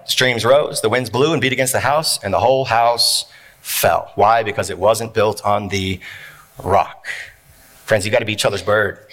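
Pastor, male, sermon delivery, bright tone, repeats phrases for emphasis. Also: mid-range voice. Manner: preaching with dramatic pauses and repeated phrases. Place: church.

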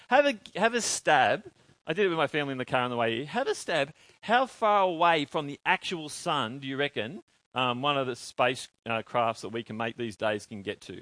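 A man preaching a sermon, in an animated way, asking his congregation questions and answering them himself. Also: medium pitch, dry recording.

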